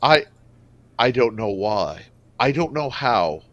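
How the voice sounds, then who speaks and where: A man's voice: mid-range voice, sing-song, slow pace, fairly bright tone, no echo, highs cut off. A man running a tabletop game as game master, narrating in a loose, joking, profane way.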